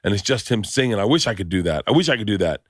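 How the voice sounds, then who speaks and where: A middle-aged man hosting a podcast, chatting casually with rambling, jokey, excitable stories. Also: fairly low pitch, rapid-fire, no echo, clean studio sound. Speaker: podcast host. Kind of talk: casual chat.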